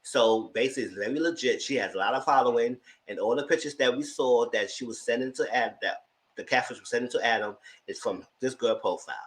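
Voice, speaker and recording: A man's voice: medium pitch, quick pace, rough recording. Man retelling a TV episode. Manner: animated storytelling, acting out quotes. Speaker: TV show reviewer. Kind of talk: casual TV recap commentary.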